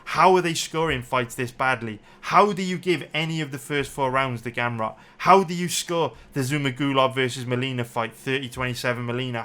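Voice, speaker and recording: A man's voice: mid-range voice, bright, forceful tone. A man angrily breaking down a mixed martial arts fight round by round, swearing and repeating himself as he gets worked up. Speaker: MMA betting analyst. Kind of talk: angry fight breakdown commentary.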